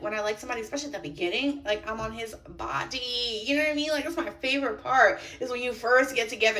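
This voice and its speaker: A young woman giving a blunt, profane, animated rant reacting to a reality TV show. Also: fairly high pitch, distant mic. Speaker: reality TV commentator.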